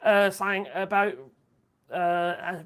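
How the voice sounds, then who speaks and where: A man's voice: high-pitched, level tone, slow pace, fairly bright tone, smooth. A man with a Norfolk accent hosting a casual live stream, reading out viewer comments in a chatty, crude and mocking way, often muttering asides. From England.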